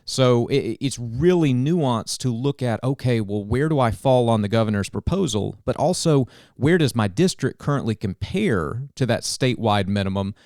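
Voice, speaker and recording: A man's voice: mid-range voice, no room sound, clean studio sound. Earnest man explaining policy. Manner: earnest, detailed and animated, with quick restarts. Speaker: governmental affairs director. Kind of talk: explaining policy in a podcast chat.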